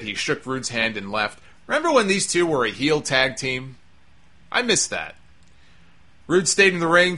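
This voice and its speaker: Male podcast host, mid pitch, bright tone, opinionated and chatty recap delivery. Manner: opinionated, chatty, with frequent fillers and asides. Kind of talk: casual recap commentary.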